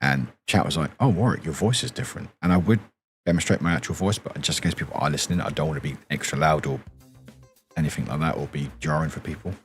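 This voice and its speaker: A man chatting softly on a stream in his deep morning voice, rambling and chuckling often. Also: fairly even intonation, quick pace, soft background music. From England. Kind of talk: soft-spoken casual stream chat.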